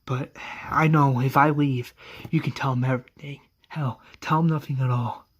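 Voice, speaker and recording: A man's voice: mid-range voice, fairly even intonation, moderate pace, breathy edge, lightly acted. A man voicing a brooding male survivor in a retold story, speaking earnestly and pleadingly. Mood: insistent.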